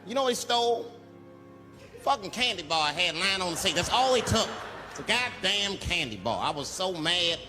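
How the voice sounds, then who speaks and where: A middle-aged man doing stand-up on a theater stage, telling stories animatedly and shouting some punchlines. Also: sits high, normal speed, faint music behind. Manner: animated storytelling, swings to loud shouted punchlines. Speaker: stand-up comedian. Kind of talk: stand-up comedy routine. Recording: big hall, loud crowd and noise. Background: audience laughter and applause.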